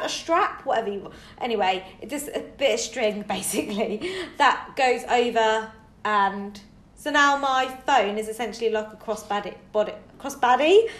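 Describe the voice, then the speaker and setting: A British woman trades stories on a casual podcast. Her delivery is animated, full of laughs and quick impressions. Her voice sits a little high, and the room rings around her. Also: roomy sound. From Britain. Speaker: podcast co-host. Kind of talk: casual chat.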